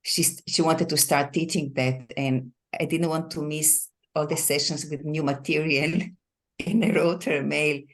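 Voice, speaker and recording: Deep-voiced woman sharing a tribute. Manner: soft, warm-hearted, laughing often, repeats words. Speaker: qigong student at a memorial meeting. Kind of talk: personal tribute.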